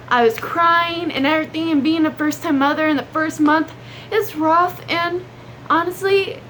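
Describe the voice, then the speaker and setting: A woman's voice: sits high, bright, forceful tone, slight background noise. A young woman, chatting earnestly in a casual advice vlog and saying y'all. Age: young adult. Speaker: vlogger.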